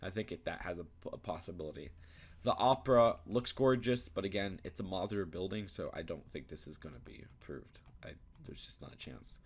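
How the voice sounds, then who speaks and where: Low-pitched young man, casual commentary, filler-heavy, thinking aloud. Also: brisk, slightly rough. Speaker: YouTube reviewer. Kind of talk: casual commentary while browsing.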